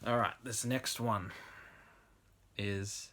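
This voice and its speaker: A man's voice: fairly low pitch, steady tone, drawn-out words, a bit bright. A young man reads bad fan fiction aloud for laughs, often breaking into laughter and chatting casually between passages. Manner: laughs through the reading, casual asides. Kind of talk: comic dramatic reading with asides.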